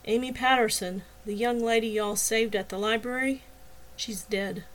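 A woman's voice: steady tone, normal speed, a little hiss or hum, natural voice, low-quality recording. Solemn fatherly detective, read by a woman. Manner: low, solemn and gentle. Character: gentle middle-aged father, a detective.

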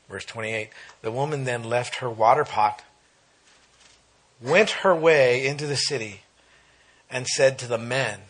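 A man preaching a sermon, reading scripture aloud and breaking off into animated exclaims. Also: mid-range voice, a little slow, long pauses, husky.

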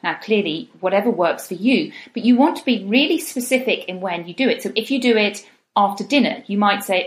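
A woman talks through practical advice like a coach, encouraging and steady. She often slips into the voice of someone talking to themselves to make her points. Her pitch sits in the middle, and the recording has a noticeable roomy echo. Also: fairly quick. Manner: encouraging, acts out inner voices in quotes. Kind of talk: advice talk to camera.

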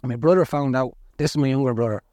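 Middle-aged Irish man, blunt candid storyteller, mid-pitched, dry close mic. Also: quick pace, darkish tone, dry recording. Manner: earnest, blunt, colloquial. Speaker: podcast guest.

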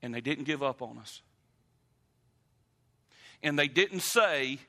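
A man preaching a sermon, emphatic and animated, speaking straight to the congregation. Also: mid-range voice, slow pace, long pauses. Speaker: pastor.

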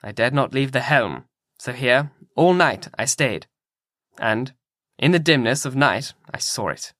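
A man reading an audiobook in a measured, grave manner. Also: mid-range voice, animated, a bit bright, no echo, clean studio sound. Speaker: audiobook narrator.

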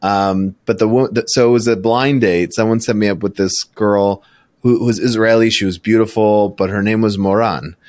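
A man's voice: fairly low pitch, normal speed, no echo. A man in his thirties hosting a casual interview, telling stories with lots of laughter. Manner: animated storyteller, laughs often, acts out quoted voices. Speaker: podcast host.

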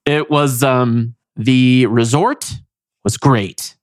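A man's voice: medium pitch, very slow, dry recording. Eager man hosting a dry-sounding podcast. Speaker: podcast host. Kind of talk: casual chat.

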